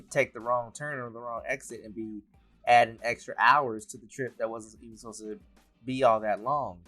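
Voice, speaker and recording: A man, a writer and director, speaking in a relaxed behind-the-scenes interview, laughing often as he talks. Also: medium pitch. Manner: relaxed, laughs often, loose rambling sentences.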